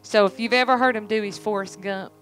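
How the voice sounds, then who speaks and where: A middle-aged woman with a drawl speaks to a church congregation, earnest and emphatic, circling back on her phrases. Her voice sits at an ordinary pitch, with soft music faintly underneath. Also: steady tone, fairly quick, rough recording. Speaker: church speaker, pastor's family. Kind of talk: church testimony talk.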